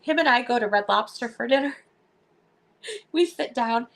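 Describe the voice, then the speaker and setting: A woman hosting a live stream, telling stories in a casual chat, animated and laughing often as she acts out what people said. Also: on the high side, normal speed, gravelly.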